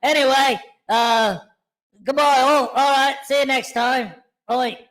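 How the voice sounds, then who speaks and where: A man's voice: very high-pitched, steady tone, slow pace, a bit bright, voice pushed up, full character voice, rough recording. A man voicing a cheeky young male kangaroo joey in a put-on Australian accent, a mock drawl full of "oi" and "mate" in a livestream puppet bit.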